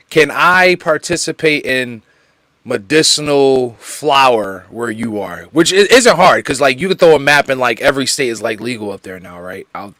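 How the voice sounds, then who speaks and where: Animated man co-hosting a podcast. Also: mid-range voice, no echo, clean studio sound. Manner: animated, repeats himself, slangy. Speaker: podcast co-host. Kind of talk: casual podcast chat.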